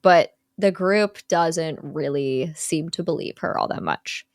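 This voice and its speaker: A young woman with a low voice speaks slowly, casually recapping a film's plot for her podcast co-host. She's chatty, leaning on many "like" fillers and lightly quoting the characters. The recording is dry, with clean studio sound.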